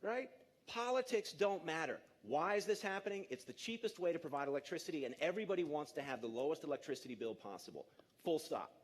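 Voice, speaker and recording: A man in his fifties giving a lively, jokey conference talk to an audience in a large auditorium, coaxing the crowd along. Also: fairly high pitch, fast. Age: 50s. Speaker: speaker.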